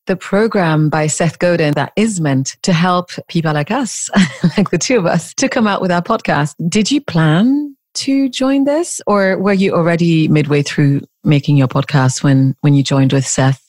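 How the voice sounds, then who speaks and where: A woman hosting a podcast interview, asking curious questions in a warm, friendly manner. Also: lowish voice, moderate pace, dry recording, clean studio sound. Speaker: podcast host.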